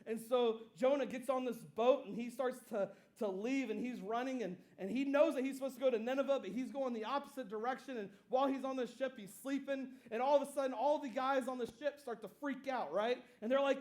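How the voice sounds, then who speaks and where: A high-voiced pastor preaches in a relaxed, chatty way, full of asides and quick questions to the congregation. He retells stories with animated energy, acting out the scenes. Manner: casual, conversational preaching with fillers and asides. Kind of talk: sermon.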